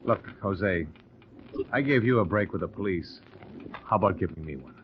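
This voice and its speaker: Casting: male radio lead, low, clipped, wry and hard-boiled. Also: expressive, moderate pace. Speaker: narrator and detective lead. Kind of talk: 1940s radio acting. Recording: dull noisy old radio recording.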